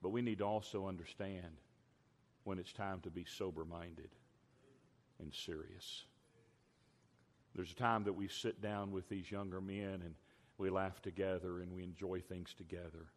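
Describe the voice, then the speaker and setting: An older man preaching a sermon as a pastor, emphatic, drawing out key words slowly. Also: low-pitched, fairly even intonation. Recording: long hall reverb.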